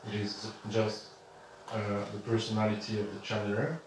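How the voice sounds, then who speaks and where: A man with a French accent, speaking in English to a live audience in a slow, halting way with many pauses. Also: fairly low pitch, flat delivery, background noise. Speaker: spiritual channeler. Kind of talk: speech to an audience. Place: room with an audience. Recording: distant, echoey room sound.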